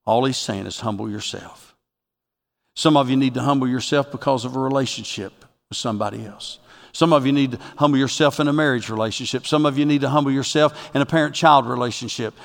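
A pastor preaching a sermon to his congregation. He moves from quiet reflection to loud, rising exhortation. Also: mid-range voice, a little fast, creaky, big-room sound.

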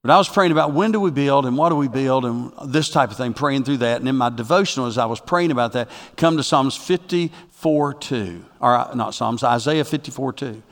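A pastor preaching a sermon to his congregation. He moves from quiet reflection to loud, rising exhortation. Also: medium pitch, a little fast, hardly any pauses, in a large hall.

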